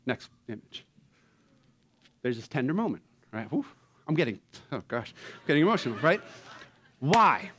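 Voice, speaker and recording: A man preaching a sermon who acts out movie characters and swings between loud, excited bursts and hushed, tender tones. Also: mid-range voice. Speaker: pastor.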